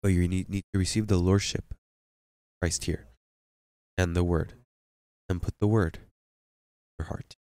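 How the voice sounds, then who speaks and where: A man's voice: deep voice, fairly even intonation, moderate pace, long pauses, mellow, no echo. A man preaching a sermon as pastor, emphatic and questioning his congregation.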